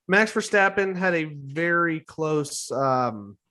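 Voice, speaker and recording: A man's voice: fairly high pitch, animated, slow pace, bright, forceful tone. A man co-hosting a podcast in casual, rambling chat, swearing freely. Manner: rambling, profane, chuckling. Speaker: podcast co-host.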